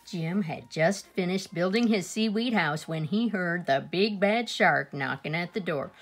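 A woman reading a children's picture book aloud, expressive, with small asides to her listeners. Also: lowish voice, unhurried, few pauses. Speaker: storyteller.

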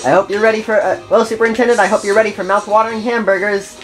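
A woman's voice: medium pitch, fairly even intonation, very fast, faint music behind, close to an everyday voice, poor audio. A woman playing a flustered middle-aged male school principal, stammering through excuses.

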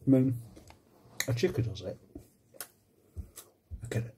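A man's voice: medium pitch, sing-song, unhurried, dark tone, a little hiss or hum. A married man hosting a casual mukbang ASMR video at home, recorded on a phone, talking in a wry, self-mocking way and swearing casually. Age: adult, married. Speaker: ASMR channel host. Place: home with washing machine and computer running.

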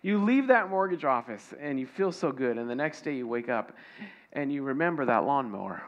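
A man's voice: mid-range voice, lively intonation, a little fast, dull audio. A man preaching a conversational sermon, asking the congregation questions and acting out little dialogues. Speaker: pastor.

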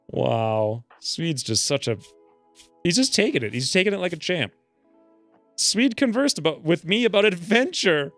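A man's voice: high-pitched, unhurried, no echo. Joking man narrating gameplay, light music. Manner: joking, animated, voices his dwarf's rants. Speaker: let's play host. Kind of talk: casual gameplay commentary.

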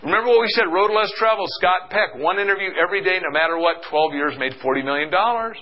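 A middle-aged man giving an energetic motivational seminar talk, calling out questions for the audience to answer. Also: high-pitched, fast, rough recording. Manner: energetic, call-and-response with the audience. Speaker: seminar speaker.

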